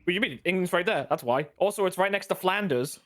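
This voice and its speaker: A man's voice: high-pitched, expressive, fast, fairly bright tone. A man bantering on a game stream, joking, swearing often and drifting into rambling asides. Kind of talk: casual banter.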